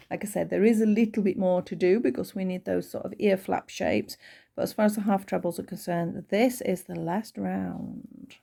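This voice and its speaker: A woman's voice: fairly low pitch, creaky, a little mellow. A woman with a Northern English accent, chatting casually while teaching a crochet project. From Northern England. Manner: chatty, rambling asides with fillers. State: voice tiring. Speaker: crochet tutor.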